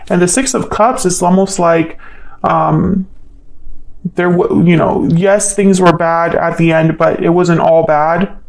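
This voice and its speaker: A woman's voice: fairly low pitch, steady tone, takes it slowly, darkish tone, rough recording. Woman thinking aloud through a tarot reading. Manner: thinks aloud, hesitant, questions the cards. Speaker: tarot reader. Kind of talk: solo tarot reading to camera.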